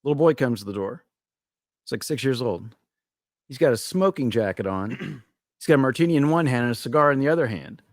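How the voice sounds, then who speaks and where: A man's voice: medium pitch, expressive, brisk, no echo, clean studio sound. A man co-hosting a podcast, telling dirty jokes in a laid-back way and laughing at them. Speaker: podcast co-host. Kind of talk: casual chat, telling jokes.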